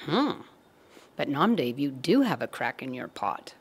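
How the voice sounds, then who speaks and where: A woman voicing a calm, patient male deity who speaks gently and reassuringly. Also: a bass voice, unhurried, husky, heavily acted. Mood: gentle.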